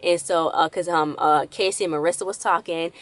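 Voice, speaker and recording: A woman's voice: lowish voice, steady tone, fairly quick, dry recording. A woman giving a rambling, casual recap of a TV episode with lots of fillers and restarts. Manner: rambling, loose retelling with many fillers and restarts. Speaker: episode reviewer.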